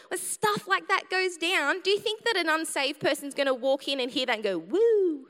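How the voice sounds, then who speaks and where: A high, bright woman preaching to a church in a chatty, humorous way. She bursts into loud, passionate cries between stretches of quick storytelling. A long reverb from the hall trails after her voice. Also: expressive. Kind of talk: sermon.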